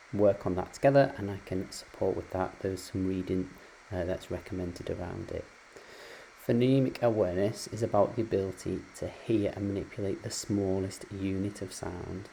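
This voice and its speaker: A man's voice: low-pitched, creaky, dark tone, slight background noise, poor audio. A man teaching phonics in a patient, explanatory way, with frequent ums and uhs. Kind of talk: recorded lecture on phonics.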